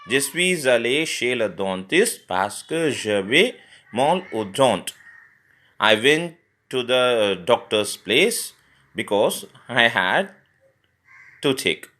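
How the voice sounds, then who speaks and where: A male French teacher, from India, giving a recorded grammar lesson, often spelling words letter by letter and pausing with fillers. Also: mid-range voice, a bit bright.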